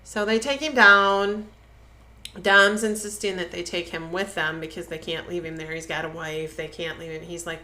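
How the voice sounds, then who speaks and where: A woman with a lowish voice co-hosts a podcast in a casual chat. She retells a story with animation and briefly voices each character as she goes. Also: steady tone, a little slow, pushed and bright. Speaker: podcast co-host.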